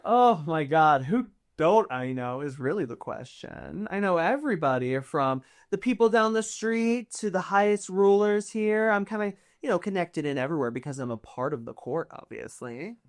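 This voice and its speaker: A man voicing a scheming, flattering noblewoman of the court in a tabletop game, flirty and gushing. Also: high-pitched, moderate pace, few pauses, pitched above the performer's own voice.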